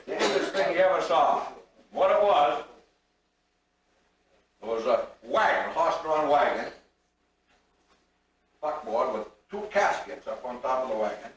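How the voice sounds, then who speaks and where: A man's voice: fairly high pitch, animated, a little slow, long pauses, slight background noise. Older man telling folksy jokes. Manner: drawling rural humor, acts out the punchlines. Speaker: storyteller. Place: large room at a reunion. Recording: echoey room, recorded from far off.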